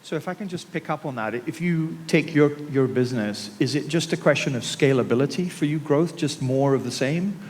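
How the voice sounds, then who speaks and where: A man moderating a conference panel who asks short, brisk questions. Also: a little high. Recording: reverberant conference hall.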